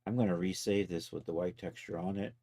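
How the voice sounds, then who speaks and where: Low-voiced man chatting through a livestream. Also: brisk. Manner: chatty, talks to viewers and to his software while working, chuckles often. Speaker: 3D artist livestreaming his work. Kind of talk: casual live-stream commentary.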